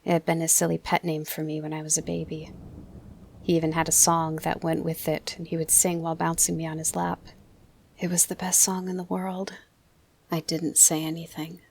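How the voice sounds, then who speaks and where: A woman narrating an audiobook softly, often dropping into a whisper. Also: low-pitched, completely flat delivery, moderate pace, gravelly, slight background noise. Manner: soft, often drops to a whisper. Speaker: audiobook reader.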